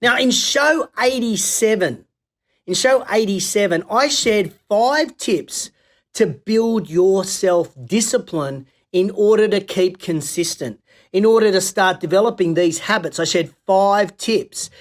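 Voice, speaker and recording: A man's voice: high-pitched, unhurried. Upbeat Australian man hosting live. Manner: upbeat, chatty, coach-like delivery with folksy slang. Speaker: host of a weekly live business show. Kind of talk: live-streamed solo talk greeting viewers.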